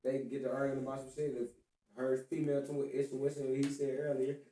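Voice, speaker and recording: A man with a warm, mellow voice tells blunt, profane stories on a casual podcast, slipping into the voices of the people he quotes. He sits away from the mic, and the basement room echoes around him. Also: medium pitch, level tone, quick pace, distant mic. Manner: profane, storytelling, acts out quotes. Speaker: podcast co-host. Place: basement studio.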